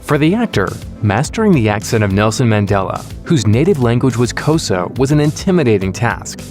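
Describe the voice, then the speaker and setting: A man reading a scripted entertainment narration in a smooth, upbeat presenter manner. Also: medium pitch, very animated, a little fast, darkish tone. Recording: voice-over with faint music bed.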